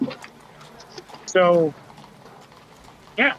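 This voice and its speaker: A man's voice: fairly high pitch, normal speed, a bit bright, muffled recording, slight background noise. A man playing a tabletop game, chatty and goofy in character talk. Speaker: player.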